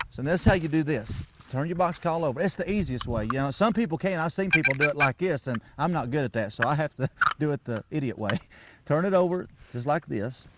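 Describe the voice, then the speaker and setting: Outdoors, a turkey calling instructor gives a beginner a patient, folksy hands-on lesson, repeating himself often as he coaches. His voice is a little high, and there's heavy background noise.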